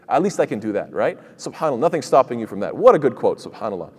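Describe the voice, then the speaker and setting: Male imam, mid-pitched, rapid-fire tafsir lesson, lots of restarts, long hall reverb. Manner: animated, fast-talking, many fillers and restarts, recites Arabic quickly. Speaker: imam giving Quran commentary. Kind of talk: sermon-style tafsir lesson. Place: mosque hall.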